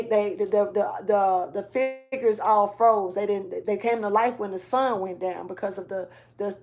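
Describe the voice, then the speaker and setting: A woman speaking gives a relaxed spiritual reading, her voice a little raspy from allergies. She sits somewhat high in pitch and talks loosely, full of slang, often trailing off mid-thought. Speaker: tarot reader.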